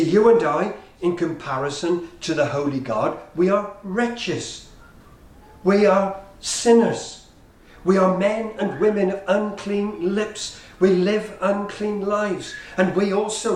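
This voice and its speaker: A man preaching a sermon with rhythmic, repeated emphatic phrases. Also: on the high side. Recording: roomy, distant from the mic.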